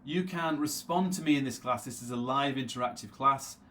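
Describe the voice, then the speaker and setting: A man teaching a live interactive English lesson. He repeats words slowly to drill their pronunciation and answers viewers' chat comments by name. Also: medium pitch, sharp tone, slight background noise. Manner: reads viewer names aloud from the chat and answers them.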